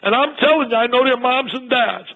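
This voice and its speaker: A man's voice: very high voice, a little fast, creaky, sharp tone. An older man making an emotional, pleading charity appeal as a guest on a talk show, heard over a dull lo-fi line with some hiss.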